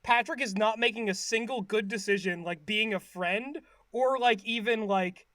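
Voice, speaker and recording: A man's voice: high voice, normal speed, bright, forceful tone, no echo. A man casually retelling a cartoon episode on a podcast, rambling with lots of fillers and acting out bits of dialogue. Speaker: podcast co-host recapping an episode. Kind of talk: casual chat.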